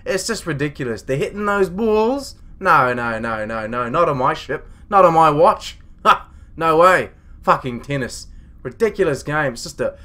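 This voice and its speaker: A man's voice: a little high, a bit bright. A man doing a ranting, sweary starship captain. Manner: rambling, sweary, indignant ranting. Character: grumpy foul-mouthed adult male starship captain. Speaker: comedy web series creator. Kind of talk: improvised comedic captain's log monologue.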